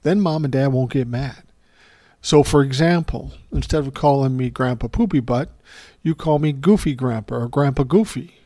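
A man's voice: medium pitch, moderate pace, mellow. An older man with a mid-range voice telling stories on his show in a loose, casual way. He is wry and self-mocking and swears freely. The sound is dry and close, with no room echo. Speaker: host. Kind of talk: casual storytelling monologue.

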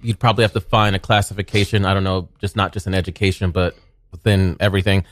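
A man's voice: low-pitched, level tone, fast. A man co-hosting a casual chat, telling stories in a laid-back way with lots of "like". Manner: laid-back storytelling with "like" fillers. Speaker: podcast co-host.

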